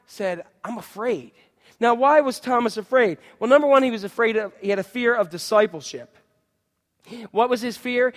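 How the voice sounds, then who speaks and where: Animated high-voiced preacher in a reverberant hall. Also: male voice. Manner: animated storyteller, acts out screams and voices. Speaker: pastor. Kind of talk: sermon with personal story.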